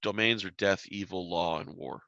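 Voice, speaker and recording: A man's voice: deep voice, moderate pace, bright, forceful tone, no echo, muffled recording. A man running a tabletop game as game master, explaining lore with frequent hesitations.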